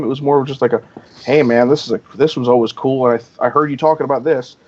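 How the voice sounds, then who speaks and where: A man's voice: medium pitch, steady tone, fast talker, dark tone. A man chatting as a podcast guest, rambling and filling his talk with "you know", acting out quoted dialogue. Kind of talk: casual podcast chat. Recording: dull lo-fi audio.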